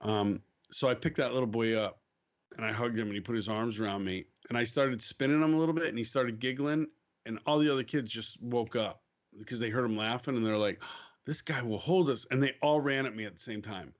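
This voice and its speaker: A man speaking as a guest on a faith podcast, telling a story in a casual, animated way, acting out quoted lines and laughing easily. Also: mid-range voice, brisk, lo-fi sound. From United States.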